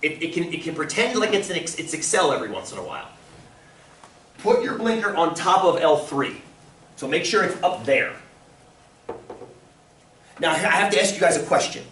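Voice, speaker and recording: A male statistics teacher with a high, very expressive voice that jumps around as he puts questions to his class. He is picked up from across a roomy, echoing classroom, with a faint hum of the space behind him. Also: normal speed, pauses often. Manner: animated, asks the class lots of questions. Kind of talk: classroom lecture. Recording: roomy, from far off, faint room noise.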